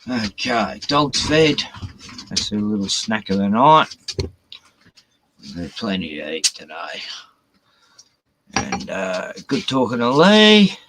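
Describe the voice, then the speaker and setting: A man's voice: lowish voice, big pitch swings, slow, long pauses, noisy background. A man, hosting a casual, rambling live stream, swearing a lot and chatting to his dogs, with a cough.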